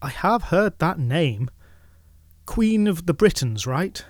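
A man voicing a bewildered old shepherd who speaks in a thick, halting way. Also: a little high, sing-song, no room sound, clean studio sound, voice pushed up, heavily acted. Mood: puzzled. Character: bewildered old male shepherd, humble, unsettled.

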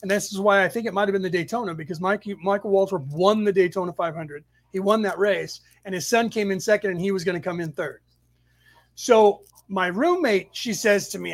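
A man hosting a spiritual study class on a live stream, telling stories in a rambling way with sudden loud outbursts, talking into a home computer mic. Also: sits high, fairly quick. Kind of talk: casual live-stream storytelling. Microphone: home computer mic over weak Wi-Fi.

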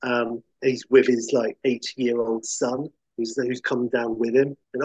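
A man's voice: medium pitch, little pitch movement, measured pace, a little mellow, slightly rough, no echo. A man chatting enthusiastically about films, rambling and acting out quotes. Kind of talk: casual chat about films. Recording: dull lo-fi sound.

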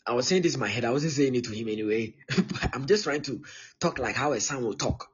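Male pastor, 30s, very husky tone, insistent repetitive teaching style, muffled lo-fi stream. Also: mid-range voice, lively intonation, quick pace. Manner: emphatic and repetitive, often checking in with "okay?". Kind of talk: live-streamed teaching sermon.

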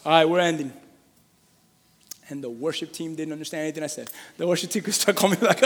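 High-voiced preacher in a reverberant hall. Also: male voice, fairly quick, slightly rough. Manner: lively, calls for congregation responses, reads scripture aloud. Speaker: pastor. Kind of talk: sermon. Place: church hall.

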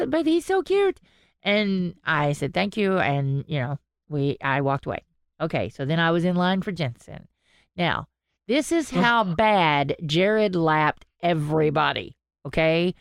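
A woman chats away on her podcast, spinning a long tale and slipping into the voices of the people in it. Her voice sits very low, and the recording is close and dry with no room sound. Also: smooth, no room sound. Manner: chatty storyteller, animated quoting. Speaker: podcast co-host. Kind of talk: casual chat.

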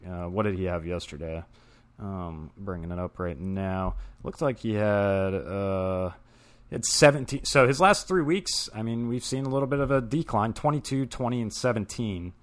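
A man's voice: on the low side, moderate pace. A man co-hosting a podcast, chatting casually and rambling with fillers and restarts. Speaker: podcast co-host. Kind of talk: casual fantasy football chat.

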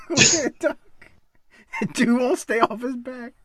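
A man's voice: extremely high pitch, wildly swooping pitch, takes it slowly, noisy background. A man hosting a casual chat over wrestling footage, breaking into laughing fits, swearing and apologizing. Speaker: podcast host.

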